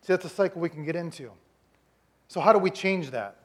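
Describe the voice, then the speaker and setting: High-voiced emphatic male preacher. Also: fairly quick. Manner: storytelling, emphatic, rhetorical questions. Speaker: pastor. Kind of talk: sermon.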